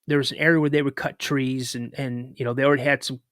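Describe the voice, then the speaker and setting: A man's voice: medium pitch, quick pace, no room sound. Man telling a story, dry close sound. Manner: lively retelling with filler words and restarts. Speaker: podcast guest. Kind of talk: casual spoken storytelling.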